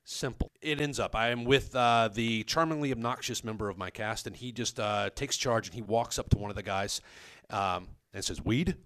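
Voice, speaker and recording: Self-mocking male comic storyteller. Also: moderate pace. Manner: animated, self-mocking, pitch leaps on quotes. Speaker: comedic storyteller.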